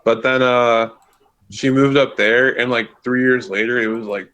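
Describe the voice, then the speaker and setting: A man's voice: medium pitch, fairly even intonation, unhurried, fairly bright tone. A young man from Florida chatting as a co-host, joking dryly and swearing casually. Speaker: co-host friend. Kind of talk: casual chat.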